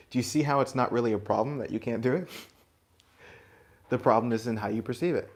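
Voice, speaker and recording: A man giving a spiritual talk to a group, gentle and reflective, chuckling now and then and dropping in blunt asides. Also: mid-range voice, moderate pace. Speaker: spiritual teacher.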